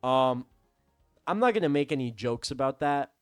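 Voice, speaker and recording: A young man telling a profane, heated story in a vlog rant, swinging from low mutters to yelling. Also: very animated, normal speed, clear, resonant tone, no room sound, studio quality, soft background music. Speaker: vlogger. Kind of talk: ranting storytime.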